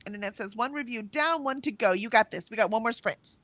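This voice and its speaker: A woman co-hosting a livestream, chatting casually and reading viewers' messages aloud with lively lifts in her voice. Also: on the high side, brisk, no room sound. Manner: chatty, reads messages with bright lifts, laughs often. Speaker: livestream co-host reading chat.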